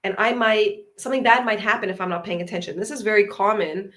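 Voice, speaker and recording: A woman's voice: mid-range voice, fairly even intonation, fast talker, fairly bright tone. An earnest woman speaks as a parenting coach over a video call. She builds her points through short, repeated affirmations. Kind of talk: conversational discussion.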